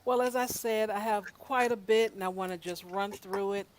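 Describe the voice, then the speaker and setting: A woman's voice: mid-range voice, normal speed. A woman hosting a casual podcast, chatting easily and reading news articles aloud. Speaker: podcast host.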